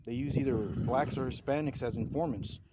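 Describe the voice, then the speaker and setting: A man's voice: mid-range voice, normal speed. Indignant man ranting over background noise. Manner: agitated, indignant, repetitive, swears. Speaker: vlogger filing a complaint. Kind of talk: angry rambling complaint to camera.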